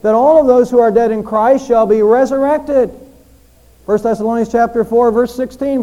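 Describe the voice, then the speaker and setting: A man preaching a sermon, explaining and repeating phrases for emphasis and slowly drawing out the key lines. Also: extremely high pitch, warm tone, dull audio.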